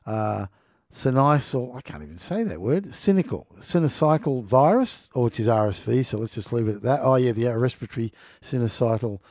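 A man's warm, mellow voice carries casual, sarcastic commentary as he reads the news aloud. He laughs easily and trips over technical words. The sound is dry and close, with no room around it. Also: medium pitch, expressive, fairly quick, no echo.

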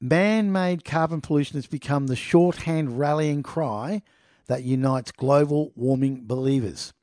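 A man's voice: a little high, a little slow, darkish tone, no room sound. Male commentator, indignant and mocking as he reads a story aloud and comments on it, dry recording with no room sound. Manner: indignant, mocking, keeps addressing listeners as "people". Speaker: online political commentator. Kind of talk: reading a news article aloud with running commentary.

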